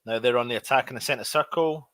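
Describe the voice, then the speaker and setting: A man hosting a live fan watch-along, commentating on the match, shouting at big moments and grumbling at his own players. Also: medium pitch, quick pace, no room sound. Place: at home.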